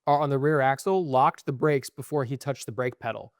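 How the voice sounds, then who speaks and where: A man's voice: medium pitch, brisk, dry recording, clean studio sound. Profane, ranting young man. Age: young adult. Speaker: podcast co-host. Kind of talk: casual chat.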